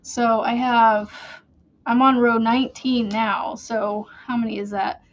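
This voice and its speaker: A woman's voice: on the high side, fairly even intonation, highs cut off. A woman hosting a crochet channel, chatting casually and rambling while she works. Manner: slow, rambling, chatty with fillers.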